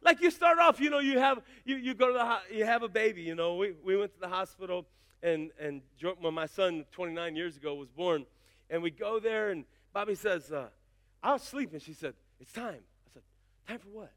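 A man's voice: high voice, a little fast. A pastor in his fifties preaching a sermon, telling stories with asides to the congregation. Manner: animated storytelling with asides to the congregation.

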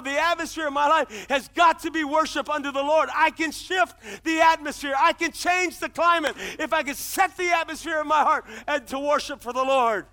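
A middle-aged man preaching a sermon as pastor, with impassioned delivery that builds to shouts. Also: very high voice.

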